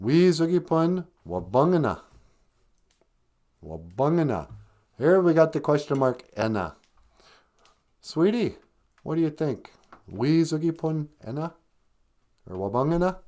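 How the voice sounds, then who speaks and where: A man's voice: fairly high pitch, sing-song, unhurried, long pauses, mellow. Joking man hosting a live stream. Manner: joking, self-mocking banter. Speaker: podcast host teaching Ojibwe words. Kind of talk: casual live-stream chat.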